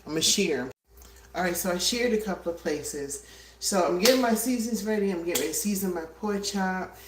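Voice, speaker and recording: A woman's voice: fairly low pitch, fairly quick. Breathless woman livestreaming from her kitchen. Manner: chatty, greets viewers by name, frequent fillers. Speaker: livestream cooking host. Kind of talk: casual cooking livestream chat. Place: home kitchen. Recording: roomy, distant, faint hiss.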